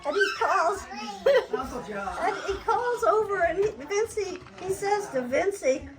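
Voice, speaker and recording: A woman with a very high voice recounts a family story to relatives, breaking into laughter along the way. She is recorded in a large indoor room, and a crowd of people talk and laugh around her. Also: slow. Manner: laughing often while telling, animated. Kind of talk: telling a family anecdote to a gathering. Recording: chatter of a crowd in a hall. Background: family members talking and laughing.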